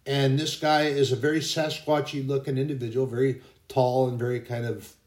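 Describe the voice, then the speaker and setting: A man's voice: mid-range voice, flat delivery, normal speed, darkish tone, roomy sound. A man hosting a casual faith podcast, telling anecdotes in a rambling way that often corrects itself. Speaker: podcast host.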